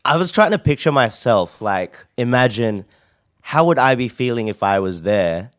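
A man co-hosting a podcast in casual chat, excitable and quick to swear, calling in remotely. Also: mid-range voice, no room sound. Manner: excitable, swears casually, quotes his own panic. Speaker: podcast co-host. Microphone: remote call.

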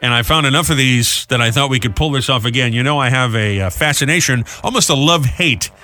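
Bright-voiced joking male host. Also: mid-range voice, fast talker, faint music behind. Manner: jokey, slips into silly put-on voices. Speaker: morning show host. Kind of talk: playful banter, reading headlines.

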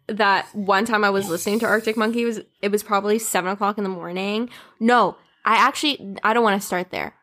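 A woman's voice: medium pitch, fairly bright tone. A young woman co-hosting a casual podcast chat, laughing often and acting out quoted dialogue. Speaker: podcast co-host.

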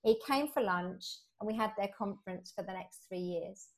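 A woman speaking as a guest in a relaxed interview, her voice at a medium pitch. She tells her stories with lively energy and acts out the dialogue as she goes. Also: normal speed. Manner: animated, acts out quoted dialogue with rising pitch. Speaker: podcast guest. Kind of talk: conversational storytelling.

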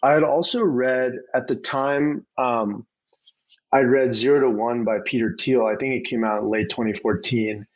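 Male guest, twenties, from Arizona, mid-range voice, relaxed and hedging. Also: mid-range voice, moderate pace, dull audio. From Arizona, USA. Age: 20s. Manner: relaxed, many fillers and hedges. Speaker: venture capital guest. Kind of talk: casual interview.

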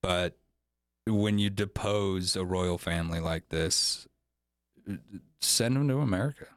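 A man's voice: deep voice, measured pace, dry recording, studio quality. A man hosting a casual podcast chat, talking in an opinionated, rambling way. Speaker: podcast host.

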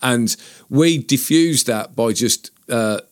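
A man's voice: mid-range voice, slow. A man hosting a podcast, chatting in an easygoing, reasonable way and laughing along with his co-host. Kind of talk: casual podcast chat.

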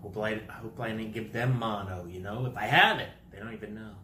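A man's voice: fairly low pitch, brisk, bright, forceful tone, roomy sound, a little hiss or hum. A man telling a rambling comic story to camera, with goofy exaggeration and made-up words. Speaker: vlogger.

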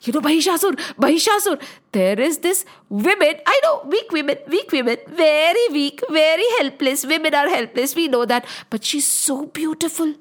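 A woman's voice: high-pitched, animated, normal speed. A woman voicing scheming male demon henchmen in a storybook tale, in a sly, gossipy manner.

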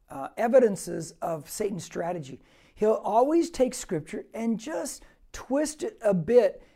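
A male pastor preaching a verse-by-verse sermon, emphatic and repeating phrases for stress. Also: sits high. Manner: emphatic, with loud rises on key words; reads scripture aloud and repeats phrases for stress.

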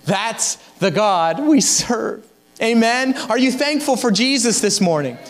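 A man's voice: very high-pitched, lively intonation, measured pace. A young adult man, a guest pastor, preaching a fervent sermon that exhorts the congregation.

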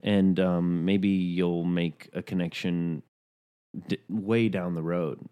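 A man's voice: sits low, fairly even intonation, slow pace, warm tone, smooth. A man, a podcast host, talking thoughtfully in a casual conversation. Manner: reflective, thoughtful, speaks in considered phrases.

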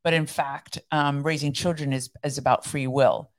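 Brief: female podcast co-host, deep voice, chatty explainer. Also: steady tone, moderate pace. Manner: explanatory, chatty, laughs easily. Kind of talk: casual chat.

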